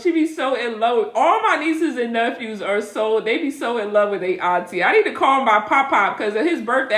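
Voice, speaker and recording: A middle-aged woman with a slightly high voice chats with her viewers in a casual live Q&A, laughing often and talking straight to them. She answers their questions as a spiritual reader. The room around her gives the voice a noticeable echo. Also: fairly bright tone.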